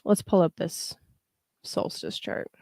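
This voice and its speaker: A woman's voice: slow pace, mellow, dry recording. Chatty woman astrologer, dry close sound. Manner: chatty, greets live viewers, frequent fillers. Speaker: astrologer and tarot livestream host. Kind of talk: casual livestream chat explaining astrology.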